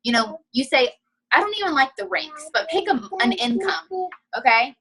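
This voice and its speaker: A woman's voice: sits high, expressive, moderate pace, a crowd in the background, rough recording. A young woman giving a casual, upbeat training talk over a video call, chatty and full of "you know". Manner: breaks off to quiet her child. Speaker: guest trainer.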